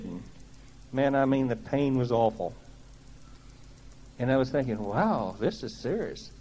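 Man, spoken testimony, folksy, earnest, plain-spoken, mid-pitched. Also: a little mellow, poor audio. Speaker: speaker giving a testimony.

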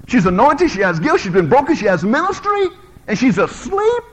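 Male preacher, middle-aged, from the US: high-pitched, swooping delivery, jokes with his congregation through a lively sermon. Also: normal speed, a little hiss or hum, poor audio. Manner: animated, storytelling, joking with the congregation.

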